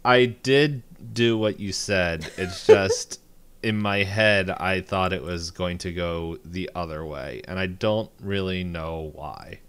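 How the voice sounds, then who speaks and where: A man with a very deep, smooth voice tells a story in casual podcast chat. He rambles, leaning on fillers as he goes. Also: slow pace, few pauses, fairly bright tone. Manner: rambling anecdote-telling with many fillers. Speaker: podcast co-host.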